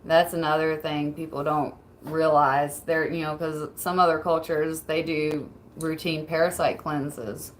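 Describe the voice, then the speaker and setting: A woman's voice: low voice, level tone, measured pace, few pauses, a little hiss or hum, rough recording. A woman streamer in casual livestream chat, laid-back, swearing freely and laughing often as she reads messages.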